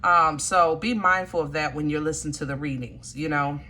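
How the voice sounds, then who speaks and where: A woman reads tarot for her viewers in a loose, colloquial way and keeps checking in with them directly. Her voice sits a little low and comes across forceful and bright, with a faint hum of background noise behind it. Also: moderate pace. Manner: chatty, colloquial, addresses viewers directly with frequent "you know". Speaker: tarot reader. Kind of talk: casual tarot reading to camera.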